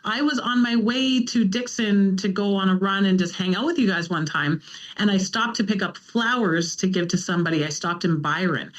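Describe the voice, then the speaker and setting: A woman's voice: medium pitch, moderate pace, muffled recording. A woman guest, a runner and mother, telling casual stories and animatedly acting out what people said. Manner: animated, acts out quoted lines. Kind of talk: casual storytelling.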